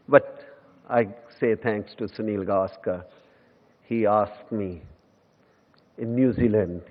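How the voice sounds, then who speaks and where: A man in his fifties with an Indian English accent, giving a humorous lecture full of self-mocking stories and bits of Hindi. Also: lowish voice. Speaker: guest lecturer. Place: lecture hall. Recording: echoey hall, tinny phone-like sound.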